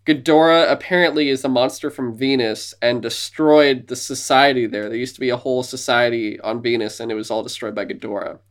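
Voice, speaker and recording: A man's voice: medium pitch, steady tone, fairly quick, hardly any pauses. Male podcast co-host, casual chat, eager storyteller with playful bits of voice acting. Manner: enthusiastic retelling of movie scenes, slipping into silly voices.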